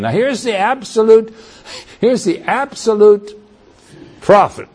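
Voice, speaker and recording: A man preaching a sermon, reading Bible verses aloud and commenting on them in a halting way with many restarts. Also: sits high, sing-song, slightly rough.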